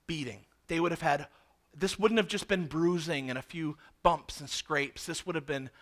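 A man delivers a sermon in a high-pitched voice. His tone is bright and sharp, and he leans hard on key words before falling to a hush. His pace stays that of a preacher explaining scripture. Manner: expressive preaching, rising and dropping for emphasis. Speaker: pastor.

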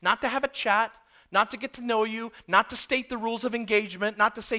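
A man delivers a sermon in a high, bright voice. He tells the story with animated emphasis and poses rhetorical questions to his listeners. His delivery is energetic. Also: moderate pace. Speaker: preacher.

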